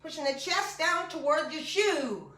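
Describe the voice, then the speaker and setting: A woman's voice: high voice, animated, measured pace, pushed and bright, distant mic. A woman fitness instructor guiding a class through exercises in a chatty, encouraging way with joking asides. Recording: echoey room, voice from off-mic.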